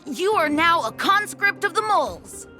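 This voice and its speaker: Woman doing a bossy cocky kid, high bright voice, slow lively delivery, game character. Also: soft background music, heavily acted. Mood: worried. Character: cocky young kid, self-styled second in command. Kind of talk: game voice acting.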